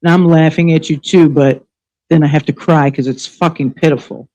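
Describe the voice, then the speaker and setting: A woman hosts a live online show and rants in anger, swearing freely and firing off sarcastic rhetorical questions. Her voice is dark and mellow even at its most heated. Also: deep voice, normal speed, lo-fi sound. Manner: angry, profane, sarcastic. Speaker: livestream show host. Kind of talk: ranting live commentary.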